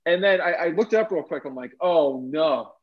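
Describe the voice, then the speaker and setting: A young man tells his story in a lively, casual way and acts out each person in it with sudden jumps in his voice. His voice sits a little high. The audio is dull and lo-fi. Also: quick pace. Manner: animated, acts out quotes with big pitch jumps. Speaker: guest entrepreneur.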